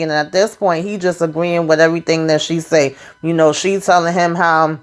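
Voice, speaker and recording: A woman's voice: low voice, fairly even intonation, normal speed, hardly any pauses. A woman giving a chatty, slangy recap of a TV episode, talking straight to her viewers. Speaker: TV recap vlogger.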